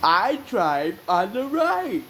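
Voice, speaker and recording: A woman's voice: mid-range voice, sing-song, slow, a bit bright, slight background noise, rough recording. A woman hosting a casual explainer vlog in a rambling, meandering way. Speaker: vlog host.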